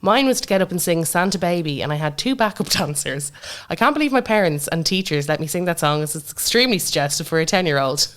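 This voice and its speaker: A woman co-hosting a podcast, chatting in an animated way and laughing often. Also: lowish voice, quick pace. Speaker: podcast co-host. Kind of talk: casual chat.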